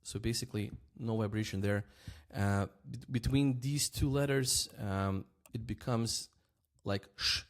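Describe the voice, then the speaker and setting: This is a man teaching a language in a laid-back way, his voice on the low side. He goes over example words slowly and repeatedly, often tossing in "right?"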